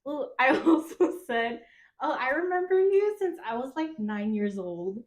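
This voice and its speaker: A young woman, co-hosting a casual podcast chat, excitable and laughing as she quotes people in her stories. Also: high-pitched, unhurried. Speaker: podcast co-host.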